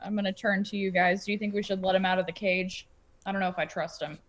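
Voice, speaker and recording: A woman's voice: mid-range voice, fairly even intonation, quick pace. A woman playing a tabletop game, speaking hesitantly and politely in character. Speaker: player. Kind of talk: casual game chat.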